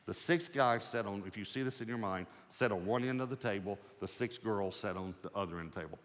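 Pastor, male, lower register, storytelling sermon, conversational with light humor, long hall reverb. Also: fast talker.

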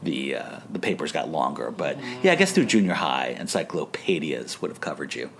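A man's voice: extremely low pitch, big pitch swings, brisk, gravelly. A man co-hosting a podcast, chatting casually as he recaps a TV episode, laughing and acting out quotes in funny voices. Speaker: podcast co-host.

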